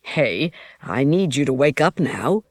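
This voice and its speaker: Tearful devoted young man, low and steady, read by a woman. Audiobook figure. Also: measured pace, no echo, full character voice. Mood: tender. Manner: soft, steady pleading.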